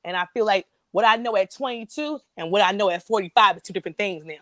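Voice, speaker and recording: A woman in her forties talking over her life in a casual chat, reflective and halting, often restarting her sentences. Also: mid-range voice, a bit bright, no echo, studio quality. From North Carolina. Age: 40s. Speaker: guest on a live chat.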